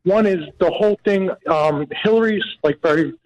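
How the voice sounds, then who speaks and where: Man, radio caller, earnest, halting with fillers, slightly higher voice. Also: a little mellow, muffled recording. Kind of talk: phone call to a radio show.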